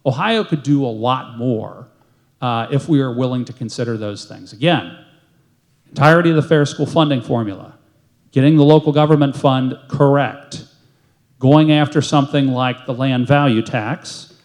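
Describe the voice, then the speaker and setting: Man, mid-pitched state senator at a town hall, measured summary delivery. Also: darkish tone.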